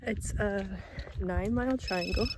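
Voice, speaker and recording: A woman's voice: medium pitch, measured pace, noisy background. A young woman talking casually to her camera while hiking alone on a forest trail, slightly out of breath and chatty about watching for bears. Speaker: vlogger.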